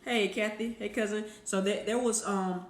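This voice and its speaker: A woman hosting a weekly motivational live stream, speaking straight to her viewers in an energetic, conversational way. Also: mid-range voice, moderate pace, echoey room.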